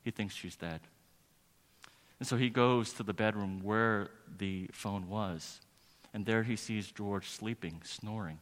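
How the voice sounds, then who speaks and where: A man's voice: fairly low pitch, takes it slowly, fairly bright tone. A male pastor preaching a sermon, telling a story earnestly and building to emphatic preaching. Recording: long reverb of a large hall.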